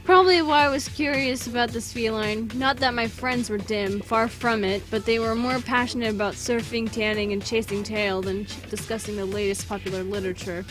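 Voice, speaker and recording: A woman's voice: fairly high pitch, fairly even intonation, brisk, hardly any pauses, a bit bright, faint music behind. A woman reading through a visual novel with goofy, joking casual commentary and the odd swear.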